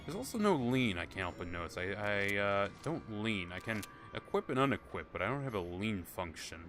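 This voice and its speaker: This game streamer has a fairly low, sing-song voice with a fairly bright tone, talking fairly quickly. He commentates casually on his live gameplay, rambling, joking and swearing a lot, while game music and gunfire sound in the background.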